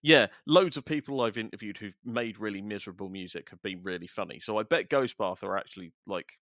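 A middle-aged man with a somewhat low voice chats casually on a podcast. He rambles through long thoughts, stumbles over stammered restarts and keeps a wry edge. The sound is close and dry. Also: brisk, a bit bright, no echo. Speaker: podcast host, music journalist. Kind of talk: casual chat.

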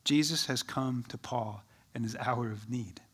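A man preaching a sermon as pastor, rising with energy, then dropping to a soft, slow hush for quoted words. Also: mid-range voice, breathy edge. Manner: shifts from lively to soft and slow when quoting Jesus.

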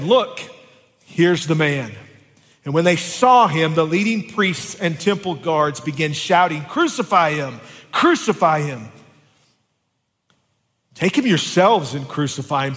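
A man's voice: fairly high pitch, fairly bright tone. A pastor preaching a sermon and reading scripture aloud, with emphatic rises in his voice. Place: church sanctuary. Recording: long reverb of a church hall.

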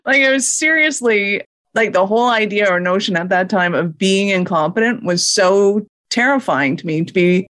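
A woman's voice: mid-range voice, moderate pace. A middle-aged woman co-hosting a casual chat, laughing often and swearing freely. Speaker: podcast co-host.

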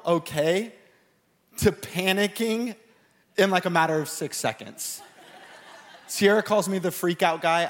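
A man preaching a live church sermon, telling a story with animated, acted-out panicked shouts. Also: high voice, long reverb tail. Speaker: pastor. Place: church stage, live service.

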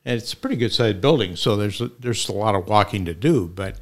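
A man's voice: lowish voice, lively intonation, brisk. An older man, a podcast guest, talking in a laid-back way with dry humor. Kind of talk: casual conversation.

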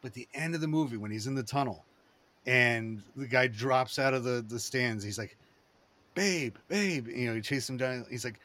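In a casual chat, a man with a medium-pitched voice talks briskly. He rambles excitably, with lots of fillers and restarts.

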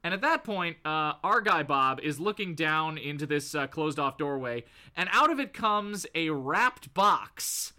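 A man's voice: on the high side, animated, measured pace, hardly any pauses, bright, forceful tone. A man co-hosting a casual podcast, animatedly retelling a comic and laughing often. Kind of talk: casual chat.

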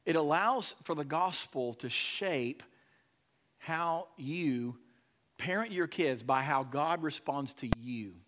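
A middle-aged man preaching a sermon in a fairly high voice. He swings between loud, pressing emphasis and hushed, quiet passages, talking straight to parents in the pews. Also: slow. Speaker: pastor.

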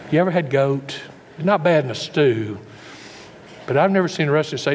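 A man's voice: fairly high pitch, animated, a little fast, slight background noise. A man preaching a sermon, asking his listeners question after question and often stumbling over repeated words. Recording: long reverb in a hall, faint background.

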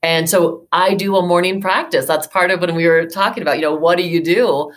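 A woman in her fifties with a low, full voice tells her own story as a guest in an interview. She talks earnestly and with feeling, often restarting her sentences and filling them with "you know". She comes across as a therapist and life coach opening up about her life. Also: fairly even intonation, a little fast. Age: 50s. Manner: earnest, emotional, many fillers and restarts.

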